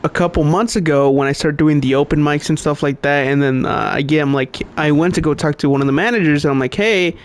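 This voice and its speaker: A man's voice: fairly high pitch, fast, hardly any pauses. Profane young man telling a story. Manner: profane, storytelling, laughs often. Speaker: podcast co-host. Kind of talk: casual chat.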